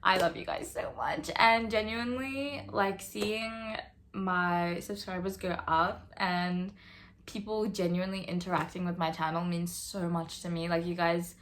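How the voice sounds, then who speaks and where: A woman's voice: on the low side, fairly even intonation, unhurried, a bit bright, slight background noise. A young woman talking straight to camera in a casual opinion vlog, chatty and earnest, with lots of fillers. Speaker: vlogger.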